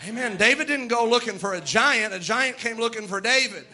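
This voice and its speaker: A man preaching a sermon in a church, impassioned and building to shouts, acting out the voices in his story. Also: very high voice, brisk. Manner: plays out quoted voices in his telling.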